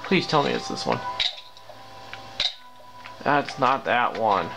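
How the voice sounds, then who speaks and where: A man's voice: medium pitch, huge pitch swings, takes it slowly, long pauses. A man giving casual gameplay commentary as host, grumbling and breaking into exasperated exclamations. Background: game music playing clearly.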